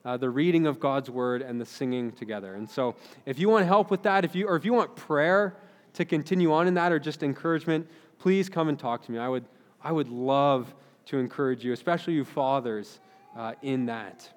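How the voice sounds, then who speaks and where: A man's voice: mid-range voice, a little fast. A man in his thirties, a pastor giving an earnest, conversational sermon with frequent restarts. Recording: long hall reverb.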